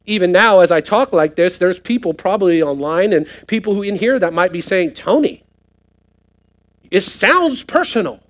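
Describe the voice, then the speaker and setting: High-voiced preaching pastor. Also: male voice. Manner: preaching with rising emphasis, asking the congregation questions. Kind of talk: sermon. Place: church sanctuary, live service.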